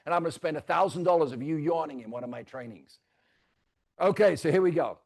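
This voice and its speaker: On stage before a live audience, a high-voiced real estate trainer gives a fast training talk. He teases the crowd theatrically, swinging between loud and soft.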